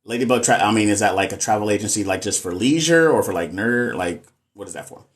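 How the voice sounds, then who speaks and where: A man's voice: lowish voice, fast. A man with a Texas Southern accent, hosting a casual livestream, reading comments aloud and talking candidly about nursing. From American South. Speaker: nurse and livestream host.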